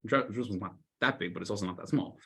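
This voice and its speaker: A man, a rabbi, telling a story in a weekly Torah class, loudly acting out the scolding characters. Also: fairly low pitch, rapid-fire, gravelly, husky. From United States. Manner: animated storyteller, shouts the lines of scolding characters.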